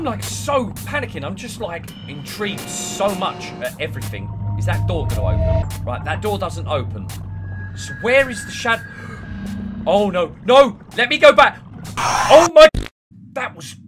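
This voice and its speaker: A young man doing let's-play game commentary, talking himself through a horror game and panicking and shrieking at the scares. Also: high-pitched. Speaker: gaming YouTuber. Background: game music and sounds.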